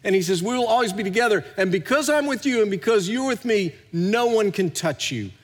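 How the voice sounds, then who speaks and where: A middle-aged pastor preaching a sermon, swinging between hushed and loud, recorded in a large church hall. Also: male voice, high-pitched, lively intonation, fairly quick. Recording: long hall reverb.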